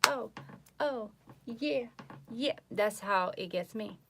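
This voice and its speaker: A woman tarot reader chatting casually on a live stream from home, boastful and animated, mocking others in voices. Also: fairly high pitch, slow.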